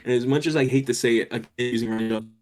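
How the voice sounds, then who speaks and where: A man's voice: mid-range voice, steady tone, rapid-fire. A man co-hosting a casual podcast over a voice call, ranting sarcastically and swearing often. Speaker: podcast co-host. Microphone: home mic on a voice call.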